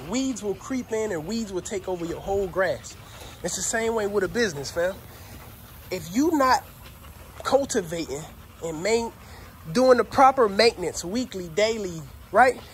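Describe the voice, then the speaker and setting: A middle-aged man vlogging casually while doing kennel chores, talking loosely in slang, calling viewers fam and shouting at his dogs. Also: high voice. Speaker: dog kennel owner. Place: outdoor dog yard with kennels. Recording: outdoor yard noise with dogs barking. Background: dogs barking.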